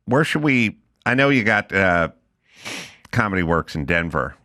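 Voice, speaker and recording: This middle-aged podcast host speaks in a low, unhurried voice as he chats casually. He's an animated storyteller, acting out both sides of his phone calls and conversations.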